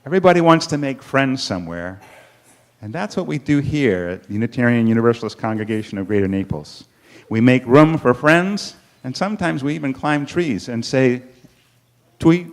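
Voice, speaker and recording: Man, church storyteller, lively up-and-down delivery, dramatic pauses. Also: medium pitch. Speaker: storyteller at a congregation service. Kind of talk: children's story told at a worship service.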